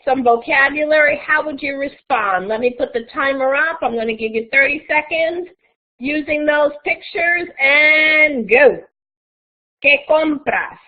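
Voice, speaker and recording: A woman's voice: high-pitched, unhurried. A woman teaching a live online Spanish class, explaining patiently step by step. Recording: tinny phone-like audio.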